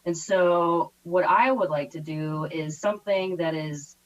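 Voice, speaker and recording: Woman, vice mayor, lowish pitch, hesitant and thoughtful. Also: a little slow, far from the mic, muffled recording. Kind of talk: council meeting discussion.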